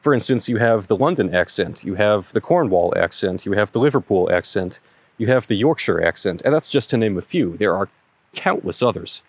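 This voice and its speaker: An American man, a historical reenactor hosting his own channel, explaining a question to camera in a measured, point-by-point way. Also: on the low side, lively intonation, no room sound. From United States.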